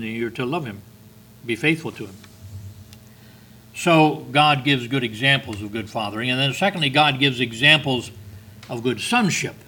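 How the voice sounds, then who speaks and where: A man's voice: mid-range voice, sharp tone, husky, poor audio. An older man preaching a sermon, reading scripture with earnest, emphatic stresses.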